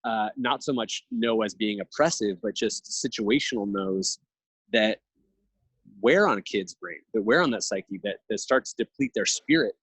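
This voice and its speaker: A reflective man in his thirties talks in long, earnest stretches, with a slightly low voice. He sounds close and dry, with no room sound around him. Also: normal speed, fairly bright tone, husky, no room sound, rough recording. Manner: earnest, reflective, speaks in long thoughtful runs. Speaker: podcast guest. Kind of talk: casual conversational interview.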